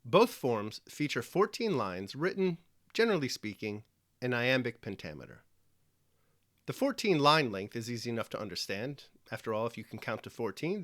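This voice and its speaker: Lively-voiced man teaching a lesson. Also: mid-range voice, dry recording, clean studio sound. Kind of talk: scripted lesson narration.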